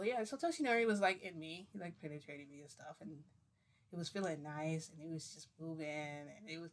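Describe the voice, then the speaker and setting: A woman's voice: deep voice, fairly bright tone. A woman vlogger telling a story to camera in a rambling, chatty way, with fillers and laughs.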